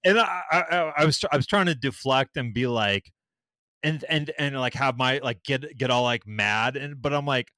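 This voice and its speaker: A man's voice: mid-range voice, normal speed, no room sound, clean studio sound. A man, telling a story in casual chat, swearing a lot and acting out what people said. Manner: animated storytelling, heavy swearing, acts out quotes.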